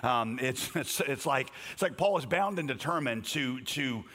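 Bright-voiced pastor in a reverberant church. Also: male voice, medium pitch, expressive, moderate pace. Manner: joking, conversational preaching with rising emphasis on scripture. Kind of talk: sermon. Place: church sanctuary. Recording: long hall reverb from a church.

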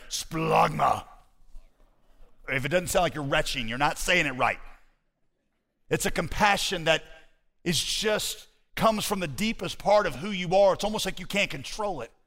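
A man preaching a sermon as pastor, animated and conversational with his congregation. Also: fairly high pitch, fairly quick. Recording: hall reverb.

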